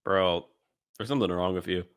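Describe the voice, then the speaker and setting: A man with a fairly low voice trades blunt, teasing banter on a podcast. He reads lists aloud in a flat matter-of-fact way and pushes back on his co-host. The sound is dry and close to the mic. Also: a little fast, clean tone, no room sound.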